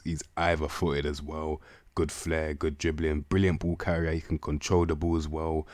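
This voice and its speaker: Brief: young guy, very low voice, laid-back slang-heavy game commentary, dry close mic. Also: no room sound. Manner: relaxed slang-heavy chatter, drawn-out asides. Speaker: gaming YouTuber. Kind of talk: casual commentary over a football management game.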